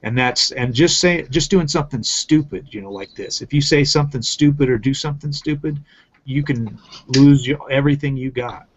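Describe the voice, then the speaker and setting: A man's voice: mid-range voice, normal speed. A man ranting in casual commentary, swearing often and repeating himself for emphasis. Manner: profane, emphatic, repetitive ranting. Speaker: channel host. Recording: muffled lo-fi audio.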